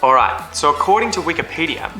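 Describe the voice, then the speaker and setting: Bright-voiced Australian teacher. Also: male voice, a little high, lively intonation, roomy sound, faint music behind, rough recording. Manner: brisk, chatty teacher. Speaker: English teacher and channel host. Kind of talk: upbeat YouTube lesson.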